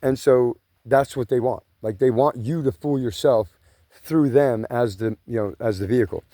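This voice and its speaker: A man's voice: mid-range voice, moderate pace, mellow, no echo, studio quality. A man, rambling casually and profanely while pacing along grassland trails outdoors. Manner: rambling, profane, says "you know" and "bro" a lot. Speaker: vlogger.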